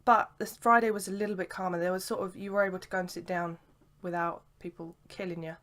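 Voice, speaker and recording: A woman's voice: fairly low pitch, fairly even intonation, fast, a bit bright. A young woman talks straight to camera in a casual vlog. She rambles freely, piling up "sort of" and "like" as she goes. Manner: chatty and rambling, lots of "sort of" and "like". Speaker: vlogger. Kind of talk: casual chat.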